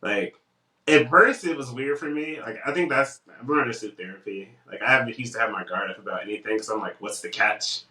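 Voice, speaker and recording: Young guy on a podcast, bright tense voice, kinda far from the mic, echoey room. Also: medium pitch, brisk. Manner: animated storytelling, acts out quotes. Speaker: podcast co-host. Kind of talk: casual podcast chat.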